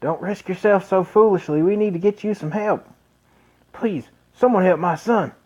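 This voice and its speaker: A man's voice: sits high, normal speed, a little mellow, pitched above the performer's own voice. A man voicing an anxious villager father in a game, pleading for help. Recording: dull lo-fi recording.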